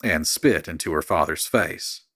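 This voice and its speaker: A man reading a dark horror story in a steady, measured narrating voice. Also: low voice, no echo, clean studio sound.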